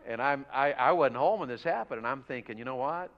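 A man's voice: medium pitch, a little fast. Fervent preacher man, lo-fi church audio. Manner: storytelling, rising to loud fervent exhortation. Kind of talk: revival sermon. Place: church sanctuary.

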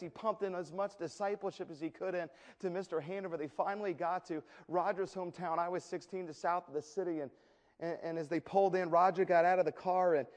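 A male preacher telling a story in a sermon, animated and often repeating words as he goes. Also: fairly high pitch, fast. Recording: echoey hall with long reverb.

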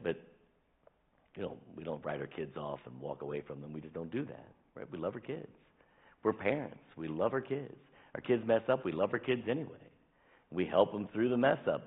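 A pastor with a deep, husky voice preaches, lurching between loud, emphatic bursts and hushed, near-whispered asides. He tells stories in a fatherly way, and the audio is thin and tinny, like a phone line.

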